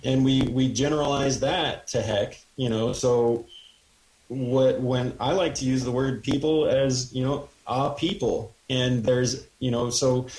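A male guest on a talk radio show speaks haltingly, stopping often and restarting his sentences. His voice is mid-pitched and picks up a noticeable roomy echo. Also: darkish tone. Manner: halting, hesitant, many restarts. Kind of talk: casual talk radio conversation.

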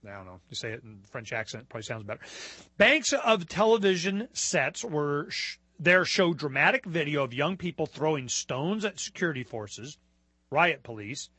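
A man's voice: on the high side, sharp tone, slightly rough, no echo. A man hosting a talk show, reading news aloud and breaking off into rambling, sarcastic asides full of fillers and restarts.

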